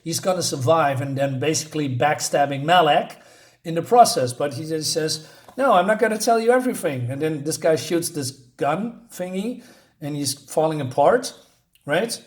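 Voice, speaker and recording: A man's voice: fairly high pitch, normal speed. A man reviewing a comic book in a scornful, exasperated rant, often stumbling into restarts.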